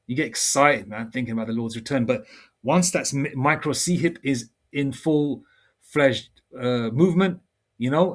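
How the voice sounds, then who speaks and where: A man giving an informal scripture teaching in a rambling, conversational way. He reads verses slowly and deliberately. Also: medium pitch. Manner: rambling and conversational, full of fillers. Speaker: religious teacher.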